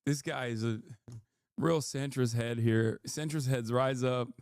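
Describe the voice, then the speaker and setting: A man's voice: medium pitch, fairly even intonation, unhurried, darkish tone, smooth, no room sound. Sarcastic guy streaming, mocking everything, super dry sound, no room at all. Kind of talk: live stream reaction commentary.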